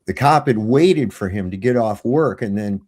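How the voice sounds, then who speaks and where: A man's voice: fairly low pitch, lively intonation, moderate pace, a little mellow. A middle-aged man telling a rambling, profanity-laced story as a guest on a livestream panel, over a remote call.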